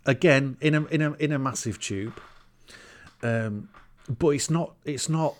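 A man of middling pitch who drifts through a film recap with dry asides, filler words and chuckles. His tone is loose and conversational. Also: unhurried. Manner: wry, meandering recap with fillers and laughs. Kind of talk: casual comedic chat.

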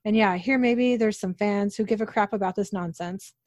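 A woman's voice: medium pitch, normal speed, a little mellow, no room sound, studio quality, natural voice. A woman voicing a brash, defiant young male monster hunter in a read-aloud recap, reading the lines plainly.

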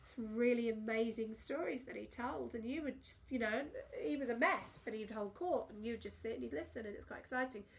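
A middle-aged woman in casual podcast chat, telling animated anecdotes and swearing freely. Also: fairly high pitch, fairly quick, vocal fry, hardly any pauses. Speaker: podcast co-host.

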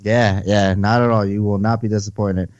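A man co-hosting a casual hobby podcast, relaxed and agreeable, often hedging what he says. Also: moderate pace, no room sound. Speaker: podcast co-host. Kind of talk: casual chat. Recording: dull bassy mic.

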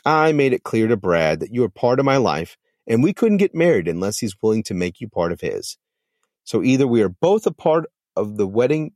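A man voicing a gentle, sincere newlywed male turtle who talks in an earnest, reassuring way. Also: lowish voice, no echo, clean studio sound.

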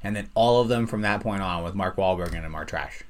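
A man chatting on a comedy podcast, ranting in an animated, profane way. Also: deep voice, fairly quick. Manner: animated, profane, ranting with loud acted outbursts. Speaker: podcast guest. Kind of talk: casual comedy podcast chat.

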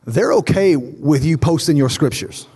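A man's voice: on the high side, expressive, a little slow, warm tone, slightly rough. A male pastor in his thirties preaching a sermon to a church, building to fervent repetition and acting out stories with voices. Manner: storytelling, acting out dialogue. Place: large church auditorium. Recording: long reverb of a large hall.

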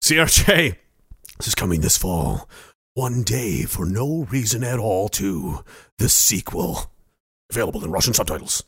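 A man's voice: lowish voice, sing-song, a little slow, a bit bright, husky, no echo, studio quality. A man hosting a livestream, reading viewer comments aloud and rambling with profane jokes. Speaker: livestream host. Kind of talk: casual livestream chat reading.

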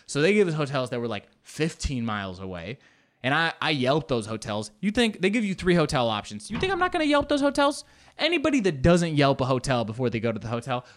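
A man hosting a podcast, telling a travel story in a rambling, animated way with sarcastic asides. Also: on the high side. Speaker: podcast host. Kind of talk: comedic storytelling.

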